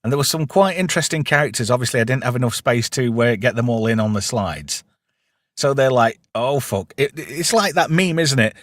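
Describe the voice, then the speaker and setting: A podcast host with a medium-pitched voice talks briskly in clean, echo-free studio audio. In a casual film review chat, he recaps the plot, quoting lines with gusto and laughing often.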